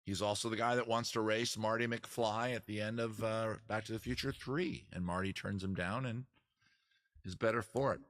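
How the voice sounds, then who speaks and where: A man's voice: on the low side, steady tone, moderate pace, a bit bright. A man hosting a casual live-stream trivia quiz, joking around and teasing the players. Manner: joking, teasing, crude asides. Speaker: host running a trivia quiz.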